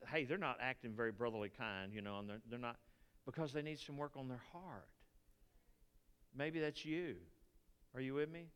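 A man's voice: mid-range voice, smooth. An older man with a Texan accent preaching a conversational sermon, often checking in with the congregation. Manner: conversational preaching with frequent "are you with me" asides. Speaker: pastor. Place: church sanctuary. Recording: reverberant church hall with faint music.

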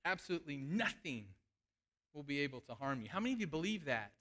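A man's voice: on the high side, sing-song, quick pace, sharp tone. A man preaching a sermon, fervent and emphatic, calling out to the congregation.

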